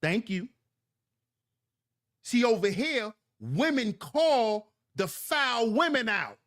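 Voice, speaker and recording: A man's voice: very high voice, expressive, slow, a bit bright. A man hosting a livestream, commenting on clips and reading chat in a preachy, emphatic way that repeats lines for effect. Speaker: livestream host.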